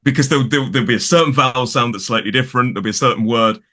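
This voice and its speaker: A middle-aged man with a British accent talks at easy length, wandering from point to point with plenty of fillers and restarts. His voice sits at an ordinary pitch but has a bright, forward edge. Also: rapid-fire. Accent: British English. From United Kingdom. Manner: chatty, digressive, with many restarts and fillers. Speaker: English teacher guest. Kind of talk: casual conversation.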